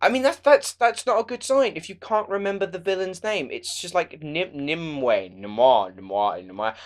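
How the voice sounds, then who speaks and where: A man's voice: high voice, brisk. Sarcastic ranting young man. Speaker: film reviewer. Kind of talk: ranting movie review vlog.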